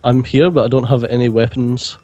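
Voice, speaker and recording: A man's voice: mid-range voice, fairly even intonation, brisk, warm tone, dull audio. A man in casual chat while playing a multiplayer game, making hesitant, laid-back remarks.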